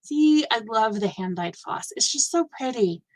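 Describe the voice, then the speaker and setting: A woman in her fifties hosting a casual live stream, gushing warmly over viewers' work with effusive reactions. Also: fairly high pitch, lively intonation, normal speed. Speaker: host of a live stitching show.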